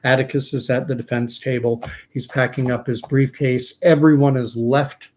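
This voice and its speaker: A man's voice: mid-range voice, flat delivery, normal speed, a little mellow. A man from Canada, host of his own commentary show, retelling a film scene in a reflective way.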